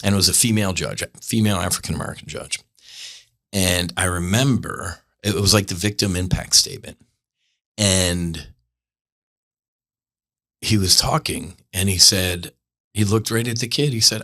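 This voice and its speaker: A man's voice: low-pitched, normal speed, gravelly, pauses often, pushed and bright. A male podcast host telling a candid, rambling spiritual monologue in an earnest way, often breaking off and restarting his sentences. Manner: rambling, earnest, self-interrupting.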